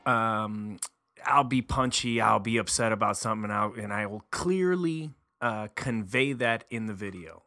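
Animated, bright-voiced male podcast host. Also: medium pitch. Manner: animated storyteller, acts out voices. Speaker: podcast host, title attorney. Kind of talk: casual venting monologue.

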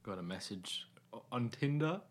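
A man's voice: medium pitch, lively intonation, normal speed, breathy edge. A man co-hosting a podcast, chatting casually in a joking, rambling way. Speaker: podcast co-host. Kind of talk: casual chat.

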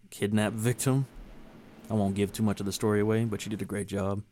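A man's voice: on the low side, slight background noise. A man hosting a podcast, chatting casually with friends and rambling with lots of filler words. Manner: rambling, filler-heavy, relaxed. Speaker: podcast host. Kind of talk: casual chat among friends.

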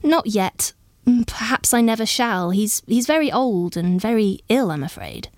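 A hesitant young lady, new to her old house, who halts and stammers over her words, as a woman narrator puts her on. The voice is a touch brighter than the reader's own, close and dry. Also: a little high, animated, normal speed, dry recording, pitched above the performer's own voice.

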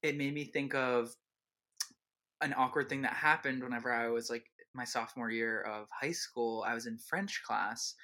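A young woman chatting as a podcast guest, telling stories in an animated, self-mocking way. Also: very deep voice, normal speed. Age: young adult. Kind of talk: casual chat.

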